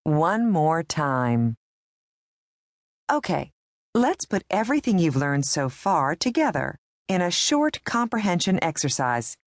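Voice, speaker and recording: A woman with a low but lively voice leads a language lesson in scripted narration. She speaks clearly and patiently, guiding the learner step by step. The recording is dry and close. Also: dry recording.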